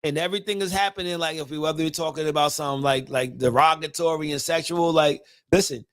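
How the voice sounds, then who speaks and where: A man's voice: fairly high pitch, steady tone, fast, fairly bright tone, no room sound. A man hosting a casual podcast, loose and rambling with many fillers. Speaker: podcast host.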